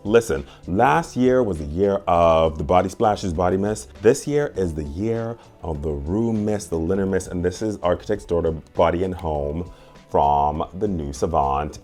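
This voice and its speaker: A man hosting a casual unboxing vlog, playful and gushing, with sudden high squeals. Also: darkish tone. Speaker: candle and perfume reviewer.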